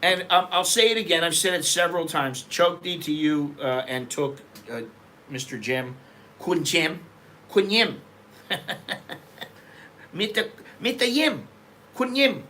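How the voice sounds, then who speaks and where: A man's voice: a little high, lively intonation, slow, sharp tone, slight background noise. A middle-aged American man hosting a casual, rambling chat, talking frankly and loosely. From United States. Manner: digressive, loose, frank talk with frequent restarts. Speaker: host.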